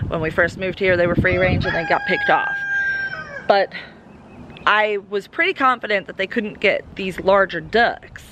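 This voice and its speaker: A woman's voice: fairly low pitch, background noise. Worried Southern woman vlogging outdoors on her farm. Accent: Southern American. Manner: worried and musing, then doting baby talk to goats. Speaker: homesteading vlogger. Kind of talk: casual vlog talk to camera and animals. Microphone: camera mic on a tripod.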